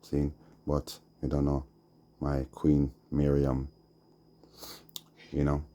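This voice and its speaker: A man with a Jamaican accent preaching slowly on a live stream, dropping "see?" and "yeah?" between his lines. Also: a bass voice, completely flat delivery, dark tone. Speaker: Rastafari livestreamer. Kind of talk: rambling livestream preaching.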